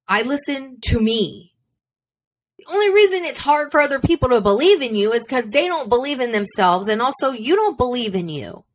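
A woman's voice: fairly high pitch, big pitch swings, moderate pace. A woman hosting her own podcast, giving a blunt, profane, fired-up motivational monologue, recorded at home without a soundproof room. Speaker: podcast host. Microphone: simple home recording setup.

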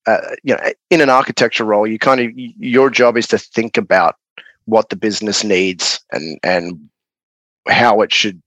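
A man's voice: fairly low pitch, normal speed, dry recording, poor audio. A man with an Australian accent, a guest explaining his engineering job in a casual podcast chat, with plenty of fillers. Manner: relaxed, explanatory, with many fillers. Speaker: guest, broadcast technology architect.

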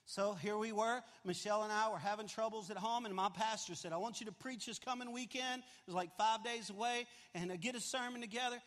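High-voiced preacher in an echoing hall. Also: male voice, a little fast, hardly any pauses. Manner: animated, confessional, swings from loud to hushed. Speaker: pastor. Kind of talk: storytelling sermon. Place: large church auditorium. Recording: long hall reverb.

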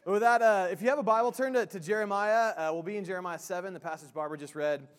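A man's voice: sits high, quick pace. A man preaching a sermon as pastor in a church, casual and joking, with many fillers and restarts. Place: church sanctuary.

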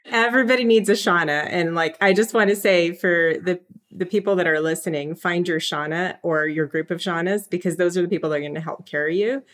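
A woman's voice: on the low side, a little fast, hardly any pauses, a bit bright. A woman hosting an interview podcast, speaking to her guest in a supportive, encouraging way. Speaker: podcast host.

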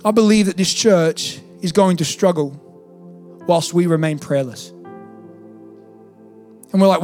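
A man's voice: high voice, measured pace, pauses often, a little mellow, faint music behind. A male pastor preaching a sermon in a church, talking casually and then building to emphatic peaks.

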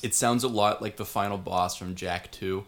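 A man with a low, gravelly voice co-hosts a casual chat. He drops dry, deadpan remarks and keeps the tone understated. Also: moderate pace.

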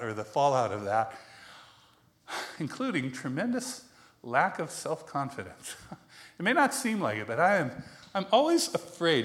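A man's voice: medium pitch, fairly bright tone. A man giving a conversational sermon to a congregation, chatty and self-deprecating, laughing often and asking the room questions. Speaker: preacher.

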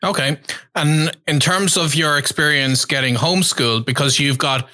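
A man's voice: fairly high pitch, normal speed, sharp tone, no room sound. A man hosting a casual interview who asks curious, eager questions, with restarts and fillers. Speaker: host, interviewer.

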